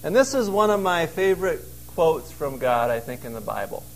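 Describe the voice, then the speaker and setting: Earnest preaching man, fairly high voice. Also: big pitch swings, normal speed, vocal fry, poor audio. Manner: earnest, conversational preaching with emphatic quoted lines. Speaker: pastor. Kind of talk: sermon. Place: outdoors in a wilderness cave.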